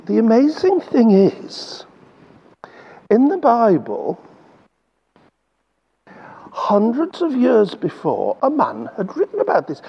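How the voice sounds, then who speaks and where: A man with an English accent leading a lively children's Bible talk, coaxing the kids along and drawing out words slowly. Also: high-pitched, slightly rough, muffled recording.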